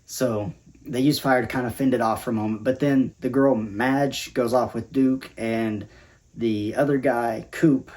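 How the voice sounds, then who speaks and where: A man's voice: mid-range voice, steady tone, unhurried, darkish tone. Laid-back man reviewing a movie. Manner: laid-back and conversational, with dry asides. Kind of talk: casual spoken movie review.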